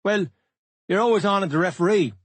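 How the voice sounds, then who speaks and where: A man's voice: sits high, a little fast, no echo, voice pushed up. A man voicing an angry, defensive middle-aged football coach who talks back sharply. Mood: accusing. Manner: indignant, sharp retorts.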